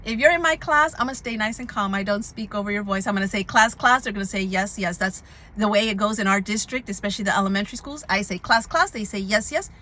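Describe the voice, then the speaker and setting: Speaking at a racing pace with a medium pitch, a middle-aged substitute teacher gives lively, casual classroom advice, often checking in with "right?". A slight hiss or hum sits under the recording.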